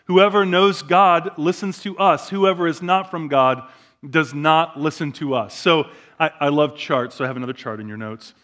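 Man, pastor, sermon, high voice, quiet asides and loud emphatic bursts. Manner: swings between soft, slow asides and loud emphatic preaching. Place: church sanctuary.

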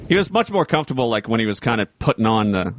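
Animated jokey man co-hosting a podcast. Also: fairly low pitch, racing. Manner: animated, jokey, drops into silly impressions. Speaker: podcast co-host. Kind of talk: casual chat.

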